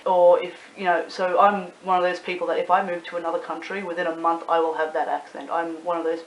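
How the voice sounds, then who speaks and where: A young Australian woman talks straight to the camera in a loose, rambling vlog, swearing often and stacking up ums and likes. Her voice sits a little low. The room is echoey, with a faint hiss underneath. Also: little pitch movement, quick pace. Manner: chatty, swears freely, rambling with many fillers. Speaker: YouTuber and club promoter. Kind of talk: casual talking-to-camera vlog.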